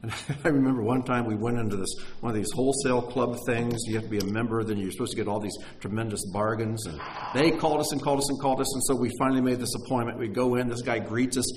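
A man preaching a sermon, telling stories with energy and dropping to a hush for emphasis. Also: mid-range voice, fast, hardly any pauses, a little hiss or hum, poor audio. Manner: animated storyteller, drops to a hush for emphasis.

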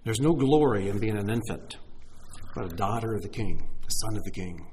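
A middle-aged male pastor delivers a sermon with emphatic energy. His pitch climbs and drops freely as he speaks right to his congregation, pressing and encouraging them. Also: normal speed, slight background noise. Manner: animated, emphatic preaching with direct address to listeners.

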